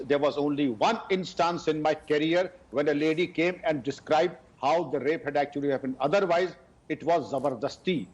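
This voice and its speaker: A retired police officer in his sixties speaks with an Indian accent on a TV debate, slow and formal, stressing each point. His voice is fairly high and slightly husky. The sound is muffled, like a lo-fi remote link. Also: a little mellow. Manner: deliberate, formal, emphatic. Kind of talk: TV debate panelist.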